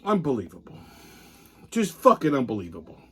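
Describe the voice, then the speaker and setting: A man's voice: medium pitch, wildly swooping pitch, fairly quick, husky. A man hosting a show, delivering an angry, profane ranting commentary. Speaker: show host.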